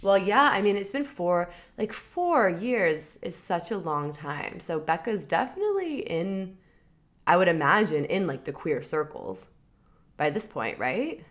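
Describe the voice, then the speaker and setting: A woman's voice: on the low side, very animated, measured pace. A young woman co-hosting a casual gossip podcast, upbeat and chatty, laughing often. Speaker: podcast co-host. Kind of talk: casual celebrity gossip chat.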